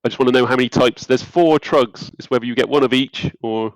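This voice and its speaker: A man's voice: medium pitch, fast, dry recording, low-quality recording. A man narrating a tabletop game as game master in a rambling, hesitant way.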